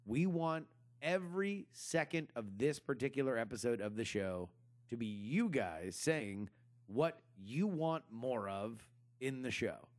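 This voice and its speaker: A man's voice: medium pitch, animated, measured pace. Rambling, swearing podcast co-host man. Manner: rambling, swearing, laughs often. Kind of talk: casual podcast banter.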